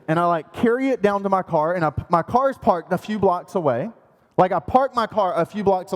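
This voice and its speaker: A high-pitched man preaching in a church. He is animated and self-mocking, acting out sounds and panic as he tells a story. His voice rings out with a long echo through a large hall. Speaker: pastor. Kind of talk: sermon storytelling.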